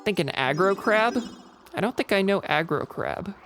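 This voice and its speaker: A woman's voice: medium pitch, lively intonation, moderate pace, a bit bright, soft background music. A young woman streaming a game from home, chatting casually and reading messages from chat aloud in a rambling way. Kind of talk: casual live-stream chat while gaming. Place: home room with a vocal booth beside her.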